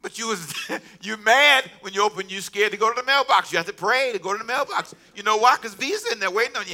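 Talking fast with hardly any pauses, this pastor preaches in a high voice, trading jokes with the congregation and laughing as he goes.

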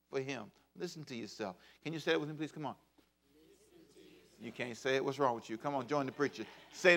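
A man in his fifties preaching a sermon as pastor, swinging between loud bursts and hushed asides. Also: mid-range voice, a little fast, creaky. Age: 50s.

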